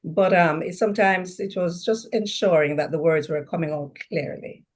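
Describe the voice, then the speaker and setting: A woman talking on a panel, lively and acting out phrases as she explains. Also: fairly low pitch, normal speed. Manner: lively, laughs, acts out phrases. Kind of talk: panel discussion.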